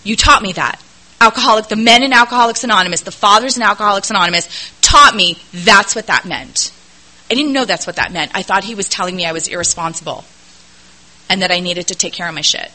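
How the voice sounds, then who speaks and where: A woman's voice: mid-range voice, fast talker, bright, forceful tone, rough recording. A middle-aged woman telling her recovery story to an audience at a meeting, candid, earnest and self-deprecating. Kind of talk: personal testimony to an audience.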